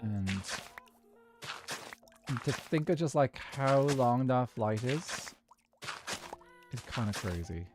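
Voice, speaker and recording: A man's voice: mid-range voice, expressive, slow, long pauses, music in the background. A young man with a posher south Dublin accent, chatting casually and rambling while he plays a game on stream. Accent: Dublin (south side, posher). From Ireland. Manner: rambling, chatty, with many fillers and restarts. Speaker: gaming streamer.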